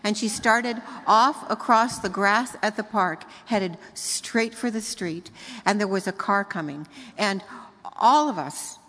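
An older woman, a grandmother, giving a sermon full of family stories, rising to emphatic high notes. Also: slow, pushed and bright. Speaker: speaker. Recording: long hall reverb.

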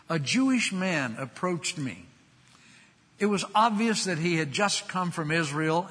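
An older man preaching a sermon, emphatic, rising loud and dropping soft. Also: mid-range voice. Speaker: pastor. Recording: long hall reverb.

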